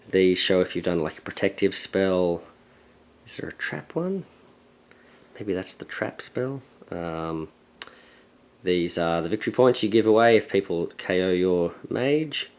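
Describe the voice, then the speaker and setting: A man hosting a board game channel, casually unboxing and thinking aloud with relaxed, hesitant fillers. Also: deep voice, a little hiss or hum, poor audio. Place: at a table, handling game pieces.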